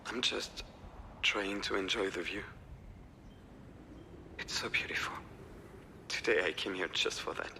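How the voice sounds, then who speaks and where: A man voicing a sad, worn-down man in a video game, talking softly and wistfully. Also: fairly low pitch, fairly even intonation, normal speed, creaky, a little hiss or hum, full character voice.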